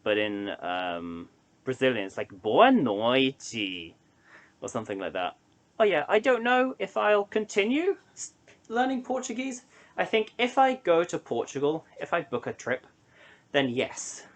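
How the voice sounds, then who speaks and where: A man's voice: a little high, animated, normal speed. A young man chatting casually to camera in a solo vlog, rambling and hesitant with lots of ums and restarts. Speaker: vlogger.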